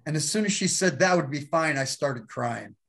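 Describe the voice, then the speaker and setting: Animated storytelling pastor, slightly high voice. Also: male voice, moderate pace. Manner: animated storyteller, acts out quoted voices, laughs often. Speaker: pastor and guest. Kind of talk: storytelling testimony.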